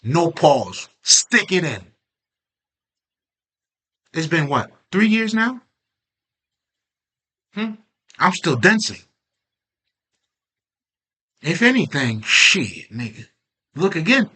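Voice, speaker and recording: A man's voice: on the high side, very animated, slow, long pauses, sharp tone, husky. A man giving a casual, emphatic spoken monologue on personal growth, full of swearing and rhetorical questions. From Haitian background. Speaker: self-growth vlogger.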